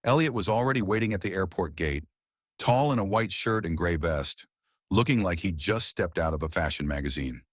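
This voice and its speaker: A man with a very low, husky voice reads a romance story in a calm, measured audiobook style. The recording is close and dry with no room sound. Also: dry recording. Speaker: narrator. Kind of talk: scripted audiobook narration.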